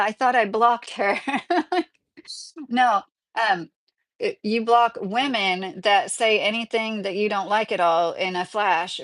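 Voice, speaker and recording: Middle-aged woman, casual livestream host, rambling and talkative, medium pitch. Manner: chatty and rambling, lots of "like" and "um", laughs often. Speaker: livestreamer answering chat.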